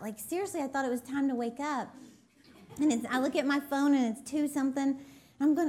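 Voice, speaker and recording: A woman's voice: sits high, a little fast. A middle-aged woman, telling a chatty, giggly story as a guest speaker to a live church audience. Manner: bubbly, giggly, animated. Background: audience laughter.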